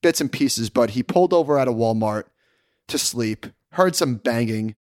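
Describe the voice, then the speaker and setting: A man's voice: mid-range voice, lively intonation, moderate pace, a little mellow, no echo, clean studio sound. A man co-hosting a podcast, telling a rambling anecdote in casual chat and correcting himself as he goes. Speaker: podcast co-host.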